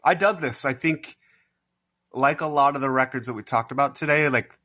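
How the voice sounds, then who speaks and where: A man's voice: medium pitch, moderate pace, bright, forceful tone, no room sound. A man as a podcast guest in casual chat, thoughtful and hesitant, rambling with fillers.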